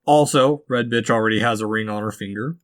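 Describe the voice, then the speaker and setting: A man's voice: fairly low pitch, a little fast. A man co-hosting a podcast, chatting casually about a movie in a dry, offhand way. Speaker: podcast co-host. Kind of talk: casual movie review chat.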